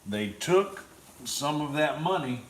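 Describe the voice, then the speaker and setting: A man joking around while cooking on a livestream, tossing out quick wisecracks. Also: fairly high pitch, expressive, slight background noise. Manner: jokey, wisecracking. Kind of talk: casual chat on a cooking livestream. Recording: roomy, clear background ambience.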